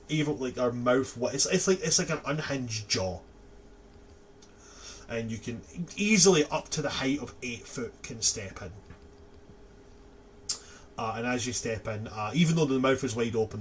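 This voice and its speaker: A man's voice: medium pitch, a little hiss or hum. Man narrating a tabletop game. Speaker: game master.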